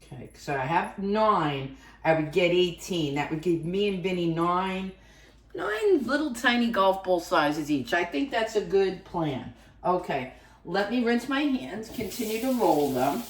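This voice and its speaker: A woman's voice: on the low side, sing-song, measured pace, recorded from a distance. A woman hosting a home cooking vlog, talking casually and rambling through asides as she works in her kitchen. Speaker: cooking channel host. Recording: echoey kitchen, voice away from the mic.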